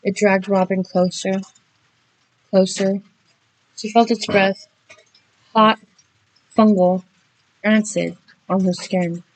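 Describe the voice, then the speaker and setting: A woman narrating a horror story dramatically, speeding through action and slowing for suspense. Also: medium pitch, flat delivery, no echo, rough recording.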